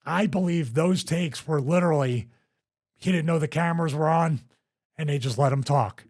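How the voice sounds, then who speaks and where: A man's voice: on the high side, moderate pace. A man hosting a wrestling podcast, telling backstage stories in casual chat with lots of restarts. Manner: rambling, animated storyteller with frequent restarts.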